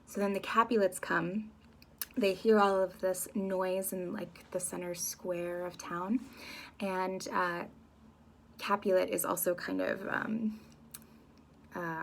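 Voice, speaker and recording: A woman's voice: on the low side, gravelly, a little hiss or hum. Chatty woman explaining a play. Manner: casual, chatty, with fillers. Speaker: teacher.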